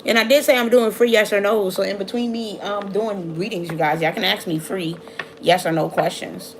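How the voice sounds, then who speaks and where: Woman, tarot reader on a live stream; fast, casual, chatty delivery, faint background noise. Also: medium pitch, steady tone.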